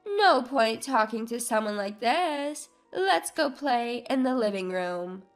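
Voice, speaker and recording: A woman's voice: on the high side, animated, takes it slowly, faint music behind. A woman voicing a smug young mother who lectures with false sweetness and a raised voice. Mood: annoyed.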